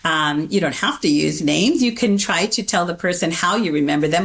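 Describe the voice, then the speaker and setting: Low-voiced woman explaining memory strategies. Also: creaky. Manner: measured, explanatory, laughs easily. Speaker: memory researcher guest. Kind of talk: interview answers.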